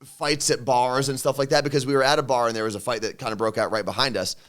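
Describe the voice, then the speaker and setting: A man's voice: mid-range voice, fairly even intonation, fast, a bit bright. Easygoing male talk show co-host. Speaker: radio and podcast co-host. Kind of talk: casual chat. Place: studio.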